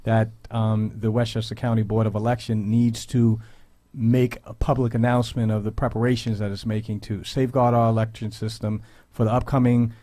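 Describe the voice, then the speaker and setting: A man hosting a radio talk show, speaking in a measured, earnest way with frequent pauses and "um"s. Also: on the low side, level tone, warm tone, dry recording. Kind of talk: radio commentary. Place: radio studio.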